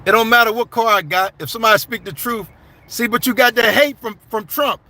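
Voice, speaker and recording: A man with a very high-pitched, bright, forceful voice speaks a little fast during casual live-stream commentary. He bluntly responds to viewer comments he reads aloud, addressing the audience as y'all and man.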